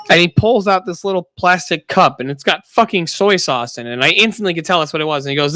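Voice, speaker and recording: A man's voice: fairly high pitch, fast, few pauses, sharp tone, dry recording. A young man streaming, telling a profane party story with frequent laughter. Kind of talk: casual chat.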